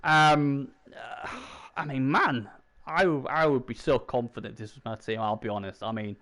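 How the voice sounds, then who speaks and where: A man's voice: mid-range voice, moderate pace, fairly bright tone. A man co-hosting a casual gaming league chat, rambling with many fillers and restarts. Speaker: co-host.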